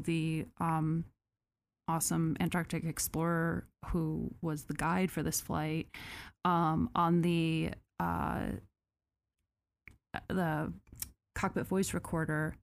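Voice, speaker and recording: A woman co-hosting a podcast, telling a story in casual chat who swears freely and climbs sharply in pitch when she gets outraged. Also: gravelly. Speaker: podcast co-host.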